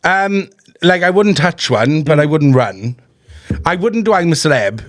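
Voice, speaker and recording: A man's voice: a little high, unhurried. A young man, a podcast guest telling sweary stories in casual pub chat. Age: young adult. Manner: animated storytelling, sweary.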